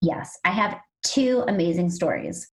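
A woman co-hosting a podcast, telling stories in a casual, animated way and acting out the people she quotes. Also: on the low side, measured pace, rough recording. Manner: animated storyteller, acts out quoted voices. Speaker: podcast co-host.

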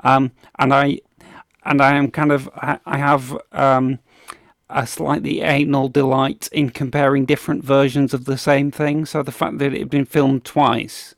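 A man's voice: medium pitch, level tone, measured pace, vocal fry, no room sound, clean studio sound. A man hosting a podcast, chatting in a rambling way with many restarts and ums and frequent laughs. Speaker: podcast host. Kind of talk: casual podcast chat.

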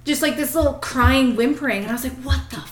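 A woman on a podcast telling a story in a casual, animated way, swearing freely and laughing often. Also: high voice, fast, roomy sound, faint music behind. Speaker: podcast host.

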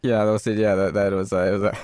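A man's voice: on the low side, monotone, racing, a little mellow. A man in casual chat, telling a story with restarts and acted-out quotes. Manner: rambling storyteller, many restarts, acts out quotes.

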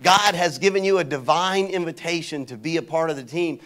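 A pastor preaching a sermon, telling stories and calling on the congregation to answer back. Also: male voice, fairly high pitch, a little fast. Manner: animated preaching with call-and-response to the congregation; conversational storytelling.

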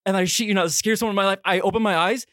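A man co-hosting a podcast, telling a story in a casual way, acting out the quotes with sudden high yelps. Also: fairly even intonation, rapid-fire, a bit bright, no room sound, clean studio sound. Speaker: podcast co-host.

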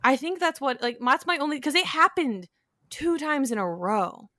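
Young woman rambling through a story with lots of "like", bright voice, dry close sound. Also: high voice, moderate pace, no room sound. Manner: chatty storyteller, fillers "like", animated retelling. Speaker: podcast co-host. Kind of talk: casual chat.

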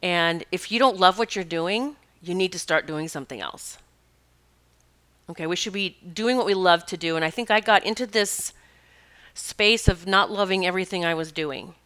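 Spiritual teacher lady chatting casually, bright crisp voice, lots of laughs. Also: fairly low pitch, moderate pace. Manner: animated, emphatic, laughs often. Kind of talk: casual storytelling monologue.

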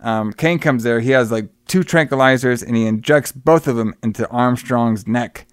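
A man's voice: medium pitch, normal speed, smooth, dry recording, clean studio sound. A man casually retelling a film plot, swearing freely and acting out the characters' lines. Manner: profane, rambling, acts out quoted lines. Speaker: podcast co-host recapping a film. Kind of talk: casual chat.

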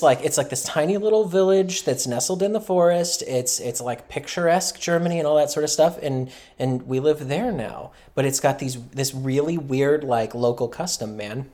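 A man's voice: on the high side, darkish tone. Male podcast co-host, casual chat, rambling, loose, cursing. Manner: rambling, loose, swears freely.

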